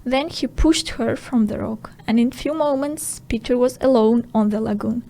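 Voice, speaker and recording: Woman, audiobook narrator, slow and clear, simple storybook reading, slightly high voice. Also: warm tone, low-quality recording. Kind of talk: scripted narration for language learners.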